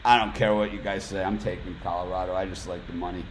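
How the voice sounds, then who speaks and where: A man's voice: deep voice, little pitch movement, fast talker, a little hiss or hum, rough recording. A man hosting a casual sports betting chat, telling jokey stories between picks. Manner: chatty, jokey storyteller. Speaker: host.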